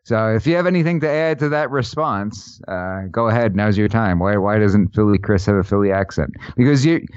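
A man's voice: on the low side, animated, a little mellow, no echo, dull audio. Joking man hosting a podcast. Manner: joking, laughs often, halting restarts. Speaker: podcast host. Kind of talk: casual chat.

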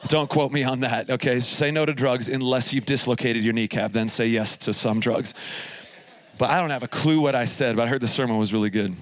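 A male pastor preaching live at a camp service, telling funny stories and laughing as he goes. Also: mid-range voice. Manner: jokey, laughs through his stories. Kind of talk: humorous storytelling sermon.

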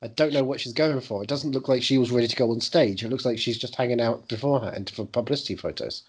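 A man with a husky, breathy voice chats through a TV recap, cutting in with dry, sarcastic jokes. His tone is loose and teasing, and he often pokes fun at the characters. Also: mid-range voice, fast. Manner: sarcastic, joking asides. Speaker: podcast co-host. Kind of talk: casual chat.

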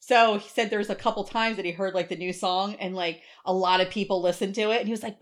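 A middle-aged woman co-hosting a podcast, telling an animated story in casual chat, swearing freely and acting out other people's voices. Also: medium pitch, fast talker, hardly any pauses. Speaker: podcast co-host.

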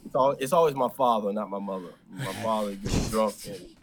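A man appearing as a guest on a comedy podcast, telling animated, laughing stories about his family. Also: lowish voice, a little fast, crowd noise. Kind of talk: casual podcast chat.

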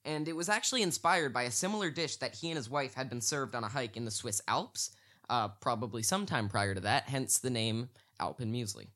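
A man's voice: mid-range voice, a little fast, sharp tone. A man guesting on a casual podcast, playful and getting worked up in mock rants.

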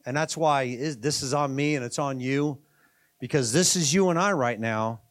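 A man's voice: mid-range voice, normal speed. A middle-aged man preaching a sermon, conversational, with emphatic bursts and asides. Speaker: pastor.

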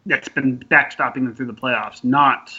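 Bright, husky man in lo-fi audio. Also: mid-range voice, fairly even intonation, moderate pace. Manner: profane, sarcastic banter. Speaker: podcast co-host. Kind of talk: casual sports chat. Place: in Canada. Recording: dull lo-fi audio.

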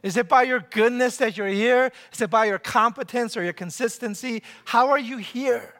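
High, bright-voiced animated preacher man. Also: a little fast. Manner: animated, acts out scenes and quotes with big pitch jumps; leads congregation in call-and-response. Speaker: pastor. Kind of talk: sermon. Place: church sanctuary. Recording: long hall reverb.

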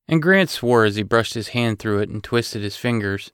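A man's voice: fairly low pitch, animated, normal speed, fairly bright tone, clear, resonant tone, dry recording. Man narrating an audiobook, dry and close. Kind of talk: scripted narration.

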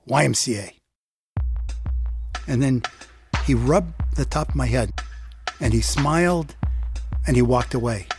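Slow, reflective male storyteller. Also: mid-range voice. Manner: reflective, halting, with fillers. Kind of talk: personal storytelling. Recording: music bed underneath.

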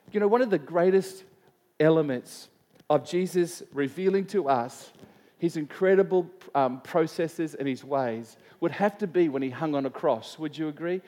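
A man's voice: fairly high pitch, warm tone. A middle-aged man, preaching a sermon in a conversational, storytelling way and asking his listeners questions. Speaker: pastor. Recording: long hall reverb.

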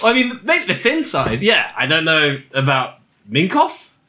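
A man's voice: fairly high pitch, huge pitch swings, measured pace, sharp tone, a little hiss or hum. A man co-hosting a comedy podcast, bantering playfully and giggling. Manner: playful, giggly, slips into mock voices. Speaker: podcast co-host.

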